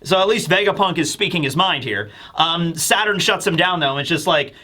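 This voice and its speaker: An animated male host gives casual manga commentary, often laughing as he acts out scenes. His voice sits high and sounds bright and sharp. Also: a little fast, hardly any pauses.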